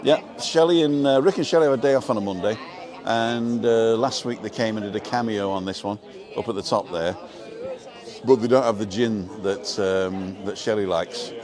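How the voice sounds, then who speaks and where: A man's voice: fairly low pitch, moderate pace. An older man hosting a casual live stream from an outdoor bar terrace, rambling and joking as he reads viewer comments. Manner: chatty, rambling, jokey. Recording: outdoor crowd noise behind. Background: crowd chatter.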